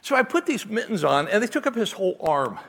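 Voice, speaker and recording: A middle-aged man, a pastor, telling a lively personal story in a sermon and acting out the voices. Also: sits high, fast, breathy edge, long reverb tail. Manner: animated storyteller, acts out voices, ends in quiet prayer.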